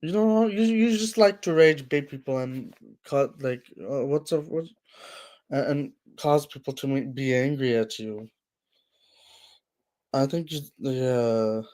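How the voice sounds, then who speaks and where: This livestream host, a man with a medium-pitched, somewhat dark voice and lively intonation, responds to his chat at a leisurely, stretched-out pace. He fills his speech with fillers and restarts and repeatedly scolds trolls, apparently using a home streaming mic.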